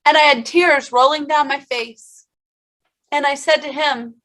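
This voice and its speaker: A woman's voice: sits high, fairly even intonation, measured pace, bright, forceful tone. A woman giving a motivational keynote speech, telling her story with passion and speaking straight to the audience. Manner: impassioned storytelling, addresses the audience directly.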